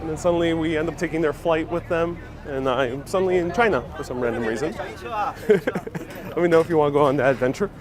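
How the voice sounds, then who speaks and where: Crowd noise surrounds this fast-talking travel host, whose voice sits fairly high for a man. Out walking a city on a casual livestream, he reads viewer comments aloud, keeps the chat upbeat, and laughs often.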